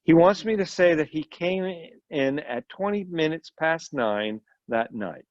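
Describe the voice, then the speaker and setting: A man reading the part of a quiet, composed foreign woman who is tall and pale, in a story reading. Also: fairly high pitch, lively intonation, measured pace, no room sound, voice pushed up. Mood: cold. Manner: quiet, composed, then intense. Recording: dull lo-fi recording.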